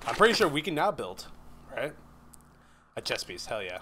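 Rambling through a video game, this young gaming YouTuber swears and yelps when startled in casual let's-play commentary. He speaks at medium pitch and normal speed in a sing-song, pushed, bright voice.

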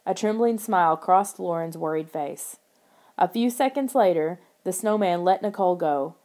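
A woman narrating a children's horror audiobook in the first person, steady and expressive. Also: lowish voice, normal speed.

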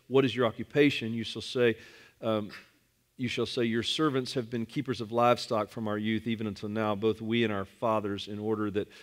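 A man delivering a church sermon in a voice of ordinary, middle pitch. He reads the passage aloud in a measured way, then preaches, leaning into key words and repeating them for emphasis. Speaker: pastor. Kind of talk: sermon with scripture reading.

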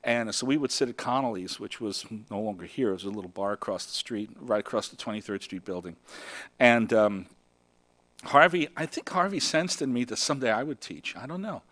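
A man's voice: fairly low pitch, lively intonation, fairly quick, a bit bright. An older man from Brooklyn, New York, giving an emotional acceptance speech at a festival, rambling with many fillers. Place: festival stage.

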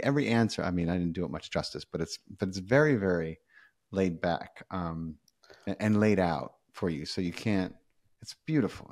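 A low-voiced man chats as a podcast guest. He tells his stories with energy, stumbling into restarts and dropping a casual curse now and then. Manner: animated storyteller, frequent restarts, casual swearing. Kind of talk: casual conversation.

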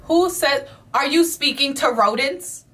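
A woman's voice: high-pitched, lively intonation, a little slow, a bit bright, recorded from a distance, slight background noise. A woman co-hosting a reaction video, chatting casually and telling meandering, giggly stories. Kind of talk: casual chat.

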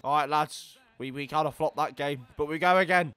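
An eighteen-year-old man giving casual gameplay commentary, chatty and swearing, yelling at the game. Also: mid-range voice, fairly quick, hardly any pauses, clean tone, dry recording. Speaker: gaming YouTuber.

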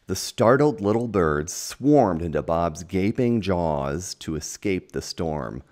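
A man reading a children's picture book aloud at home, gentle and unhurried, pausing to point out the pictures. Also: sits low, expressive. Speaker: storytime reader. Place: at home with a dog.

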